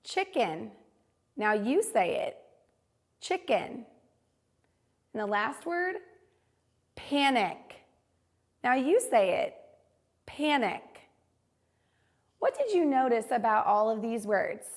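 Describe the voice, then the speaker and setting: A woman teaching a phonics lesson to young children, modeling each word carefully and slowly. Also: on the high side, sing-song.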